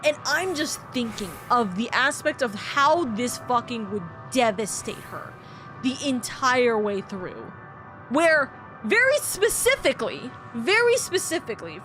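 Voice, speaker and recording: Woman game streamer, fighting back tears; emotional, profane, halting delivery over loud music. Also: on the high side. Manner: emotional, swears, stumbling restarts. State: tearing up. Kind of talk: emotional gameplay commentary. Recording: game music playing behind.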